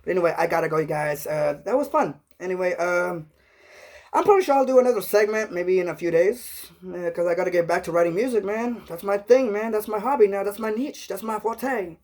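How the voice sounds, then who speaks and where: A man's voice: high-pitched, brisk, a little mellow. A man talking casually on a live stream, rambling and earnest, sprinkling his talk with "man" and "you know". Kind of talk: casual live-chat monologue.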